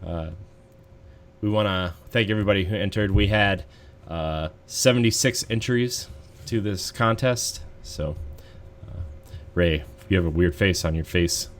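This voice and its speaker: A man's voice: sits low, measured pace. A man hosting a casual gaming podcast, rambling easily with plenty of fillers. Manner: relaxed, rambling, lots of fillers. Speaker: podcast host.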